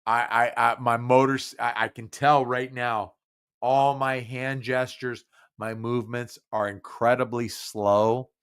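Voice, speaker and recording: A man's voice: mid-range voice, little pitch movement, a little slow, a bit bright, clean tone. A drunk man hosting a podcast, slurring his speech, rambling and stumbling over repeated words. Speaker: podcast host. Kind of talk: casual live podcast talk.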